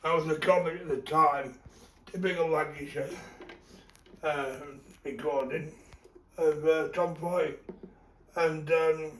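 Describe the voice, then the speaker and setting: A man presenting an old record, speaking casually and hesitantly with many pauses and ums. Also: fairly high pitch, steady tone, a bit bright, far from the mic. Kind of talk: casual spoken introduction. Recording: roomy sound from away from the mic.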